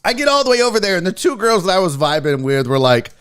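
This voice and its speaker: A man hosting a sports talk show, telling a story in a casual, profane, animated way and acting out what others said. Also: sits high, quick pace, clear, resonant tone. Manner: animated, profane, acts out quotes. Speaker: podcast host.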